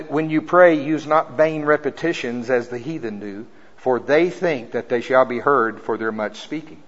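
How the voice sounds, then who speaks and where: Preacher man in an echoing hall. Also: medium pitch. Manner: reads scripture slowly and loudly, then chats with jokes. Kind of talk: sermon. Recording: dull sound in a reverberant hall.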